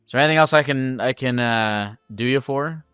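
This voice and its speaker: A man's voice: medium pitch, a little fast, a bit bright, smooth, no echo, studio quality, soft background music. A man hosting a call-in advice show, talking casually with many restarts and plenty of swearing.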